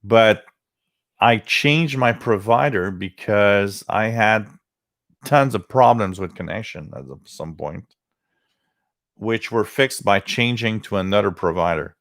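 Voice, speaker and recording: A man's voice: lowish voice, slow, a bit bright, no room sound, studio quality. A man, hosting a livestream, telling rambling stories and greeting viewers by name in casual chat. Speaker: livestream host.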